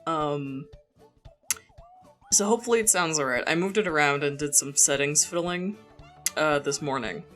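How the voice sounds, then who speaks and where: Young woman streamer rambling on, low voice, laughs a lot, soft music behind. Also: moderate pace, pauses often. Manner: chatty, rambling, laughs often, self-interrupting. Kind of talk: casual live-stream chat. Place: home room. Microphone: borrowed desk mic. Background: faint background music.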